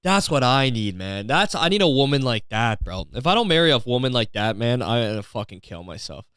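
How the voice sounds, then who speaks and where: A man's voice: mid-range voice, big pitch swings, fairly quick, a bit bright, clean tone, no echo, clean studio sound. A young man hosting a comedy podcast, ranting in a profane, sarcastic way and slipping into mocking voices. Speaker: podcast host.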